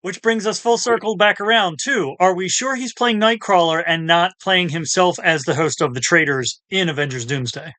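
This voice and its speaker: A man's voice: high voice, moderate pace, few pauses, bright, forceful tone, no echo. A man playing a tabletop game, chatting casually with joking asides. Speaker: player.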